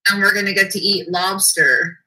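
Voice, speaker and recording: A woman's voice: mid-range voice, fairly even intonation, moderate pace, bright, forceful tone, low-quality recording. A woman co-hosting a casual livestream chat, playful and full of "like"s. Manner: chatty and playful, lots of "like". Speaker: co-host.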